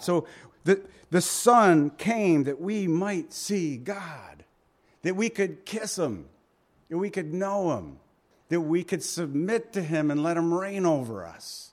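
A man preaching a sermon, reading scripture and telling stories with acted quotes, his volume and pace swinging widely. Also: on the high side. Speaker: pastor.

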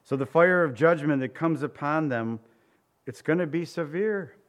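A man's voice: fairly high pitch, moderate pace. A man preaching a casual, joking sermon. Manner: conversational preaching with humorous anecdotes. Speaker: pastor.

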